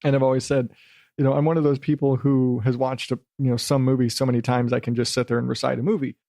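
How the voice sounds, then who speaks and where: A middle-aged man rambling alone into a close podcast mic, loose and self-mocking, with a voice of ordinary middle pitch. The sound is dry, with no room around it. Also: little pitch movement, fast, warm tone, no echo. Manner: loose, self-deprecating, slips into silly voices; swears casually. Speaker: podcast host. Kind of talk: rambling solo podcast talk.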